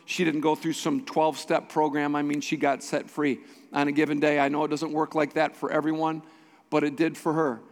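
A man with a high-pitched voice preaching a sermon in a church. He is a pastor who drives his points home by repeating short phrases with emphasis. His voice rings out with a long reverb off the hall. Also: flat delivery, a little fast. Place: church sanctuary.

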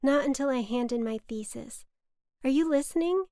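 A young woman narrating a personal essay in a wry, deadpan way. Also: sits high, moderate pace, no room sound, studio quality. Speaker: storyteller.

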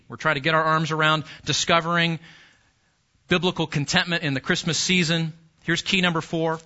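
A man's voice: fairly high pitch, sharp tone, lo-fi sound. A man preaching a sermon in a church, speaking conversationally, repeating key phrases and putting questions to the congregation. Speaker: pastor.

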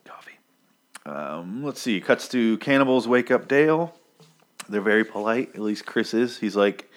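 A man's voice: on the low side, lively intonation, measured pace. A man casually recapping a comic story in a profane, sarcastic way. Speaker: podcast host recapping a comic. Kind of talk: casual chat.

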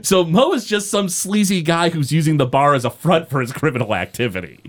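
A man recapping a cartoon episode in casual podcast chat, rambling and halting with many fillers. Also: fairly high pitch, lively intonation.

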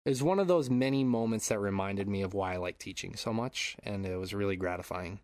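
Guy hosting a podcast at home, cursing, jumps into big shouty impressions, super dry close mic sound. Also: fairly low pitch, quick pace, no room sound. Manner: animated storytelling, swears freely, acts out shouts. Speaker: podcast host. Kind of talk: casual chat. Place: home room.

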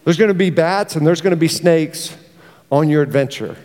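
A middle-aged pastor, preaching a lively sermon and acting out his stories. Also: a little high, moderate pace. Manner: animated, storytelling with acted-out exclamations. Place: church hall. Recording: reverberant church hall.

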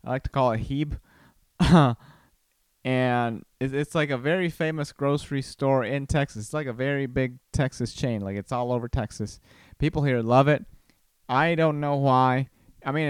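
A man hosts a podcast from home and rambles casually, often restarting and chuckling. His mid-range voice is clear and resonant at a moderate pace, recorded dry with studio quality.

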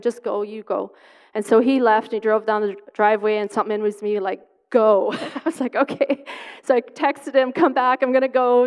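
A woman's voice: mid-range voice, clear, resonant tone. A woman sharing a personal faith testimony in an earnest, conversational way, with light laughs. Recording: long hall reverb.

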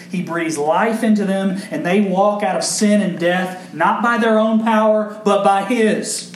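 Male pastor, high voice, emphatic sermon delivery, echoey sanctuary with faint hiss. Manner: preaching with emphatic rises and questions to the congregation. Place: church sanctuary. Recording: echoey church room with faint background noise.

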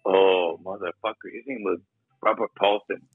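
A man playing a gruff, laughing quiz contestant with a put-on foreign accent in a comedy sketch. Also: sits low, steady tone, normal speed, no room sound, soft background music, pitched below the performer's own voice. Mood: cocky. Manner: gruff, laughing, swearing banter. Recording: dry tinny phone-like sound.

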